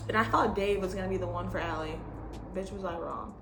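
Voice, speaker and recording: A young woman in casual chat as a vlogger, blunt and animated, swearing freely as she rants. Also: fairly high pitch, brisk, faint music behind. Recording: echoey room with faint noise.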